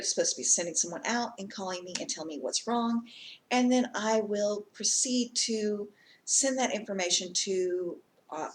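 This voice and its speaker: A woman's voice: lowish voice, a little hiss or hum. A woman vlogger telling a casual story time, chatty and rambling, with many ums and asides.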